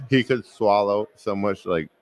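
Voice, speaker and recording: A man's voice: fairly low pitch, takes it slowly, slight background noise. A man co-hosting a sports talk show, telling laid-back locker-room stories and laughing as he goes. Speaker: podcast co-host, former football player. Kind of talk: casual storytelling chat.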